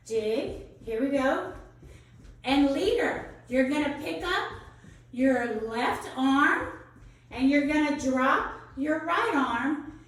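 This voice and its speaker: A high-voiced woman leads a children's dance class, calling out steps and counts with eager encouragement. She talks slowly and carefully, and her voice rings through a very echoey room, heard from some distance away. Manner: bright, encouraging, counts steps aloud, calls out moves. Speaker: dance teaching artist. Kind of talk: teaching children a dance lesson.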